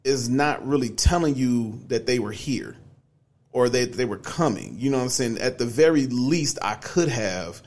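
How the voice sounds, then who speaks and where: A man's voice: medium pitch, animated, moderate pace, darkish tone. A young man on a podcast, casually telling a long personal story, laid-back, with lots of fillers. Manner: laid-back, many fillers like "you know what I'm saying". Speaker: podcast co-host.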